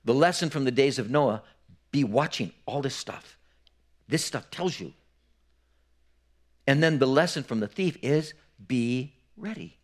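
A man's voice: mid-range voice, expressive, unhurried, pauses often. A male pastor preaching in a mid-range voice. He teaches step by step and keeps checking in with his listeners. He often repeats a word or two as he restarts a thought. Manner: explanatory, frequent "right?" checks, repeats words when restarting. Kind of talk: sermon.

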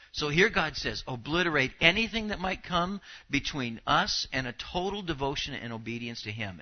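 A middle-aged man preaching a sermon as pastor, telling a personal story and often dropping to a hushed voice. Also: medium pitch. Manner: storytelling, drops to a hushed voice in anecdotes. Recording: dull lo-fi church recording.

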